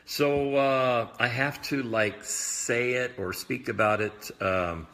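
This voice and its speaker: Bright-toned man chatting loosely on livestream. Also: mid-range voice. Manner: rambling, loose, filler-heavy talk; admits talking fast. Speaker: prophetic minister. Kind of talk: casual live video chat.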